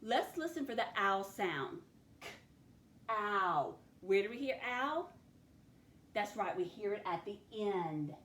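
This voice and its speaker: A woman's voice: medium pitch, very animated, a bit bright. A woman teacher leading a phonics spelling lesson for children, sounding out each word patiently. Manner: slow, patient, sounds words out. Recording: echoey room, faint background noise.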